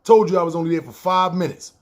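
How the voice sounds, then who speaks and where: A man's voice: sits high, fast talker. A man from New York with a New York accent, telling a long story casually, rambling, swearing freely and acting out what people said. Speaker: podcast storyteller.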